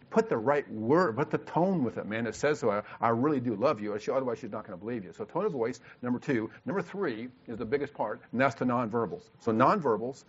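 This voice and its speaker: Male church seminar leader, rapid delivery with restarts, muffled recording. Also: mid-range voice, husky. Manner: fast, repetitive, with stammered restarts. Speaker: marriage workshop leader. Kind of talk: leading a church couples seminar. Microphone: handheld mic. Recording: dull lo-fi sound.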